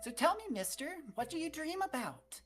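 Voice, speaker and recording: A woman voicing a curious, excitable girl of about twelve in a tabletop game, chirpy and full of questions. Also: high-pitched, moderate pace, faint music behind, voice pushed up. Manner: chirpy, questioning, turns eerie.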